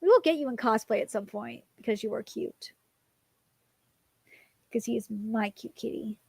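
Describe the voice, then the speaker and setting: A woman's voice: on the high side, lively intonation, moderate pace, creaky, darkish tone, breathy edge, no room sound. A woman streaming casually, rambling with many fillers and cooing at her cat in baby talk. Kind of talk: casual live-stream chat.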